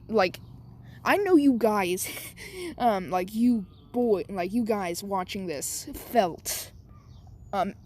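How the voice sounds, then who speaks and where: A woman's voice: mid-range voice, a little mellow, slight background noise. A woman casually telling a made-up fan story, rambling with many fillers. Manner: rambling, lots of "like" and "um".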